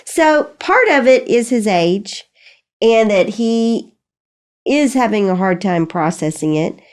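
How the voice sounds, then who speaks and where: A woman's voice: mid-range voice, animated, slow pace. Chatty older woman giving parenting advice. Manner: chatty, reassuring, motherly. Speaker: podcast host answering parenting questions. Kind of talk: casual chat.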